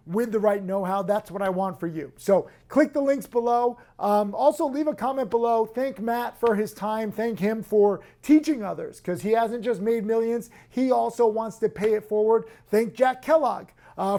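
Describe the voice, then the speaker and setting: A man with a hoarse voice hosting in excitable, emphatic casual promotional talk. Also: sits high, normal speed. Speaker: host.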